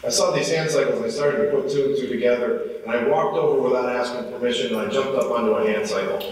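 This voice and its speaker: A man in his forties giving a motivational speech, telling a personal story and getting more animated as he goes. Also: mid-range voice, fast talker. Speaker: motivational speaker. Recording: echoey hall, from far off.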